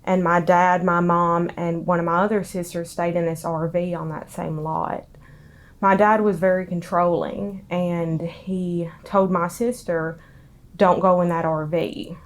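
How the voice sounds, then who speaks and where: A young woman, tearful and halting as she recounts her past in an interview. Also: lowish voice, level tone. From Tennessee. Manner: halting, with many ums. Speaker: interviewee, daughter of a street preacher.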